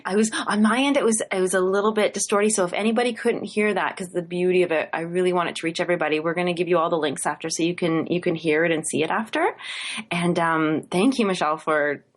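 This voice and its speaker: A woman co-hosting a talk radio show, earnest and effusive, laughing often and slowing down to recite prayer phrases. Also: lowish voice, fairly even intonation. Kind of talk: casual talk-radio teaching.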